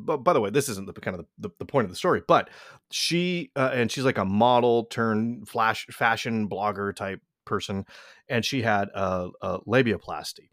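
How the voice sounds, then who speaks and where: A man's voice: fairly low pitch, a bit bright, no room sound. Young man, casual crude chat, rambling, profane, dry recording. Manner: rambling, profane, many restarts.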